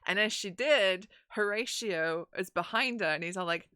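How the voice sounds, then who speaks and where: A woman's voice: medium pitch, moderate pace, sharp tone, smooth, no echo, studio quality. A woman recapping her roleplaying game in casual chat, telling the story animatedly with lots of fillers.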